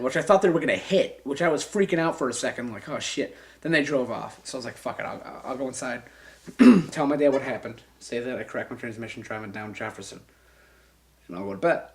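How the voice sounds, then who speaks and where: A young man with a fairly high voice is being interviewed and tells a casual anecdote. He's animated and profane, acting out the voices of the people involved and adding sound effects.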